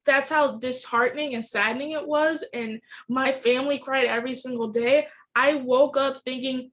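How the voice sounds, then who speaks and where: A woman's voice: high voice, fairly even intonation, moderate pace, hardly any pauses, fairly bright tone. A young adult woman hosting a podcast, telling her own story in an earnest, candid and emotional way. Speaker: podcast host. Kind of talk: personal storytelling.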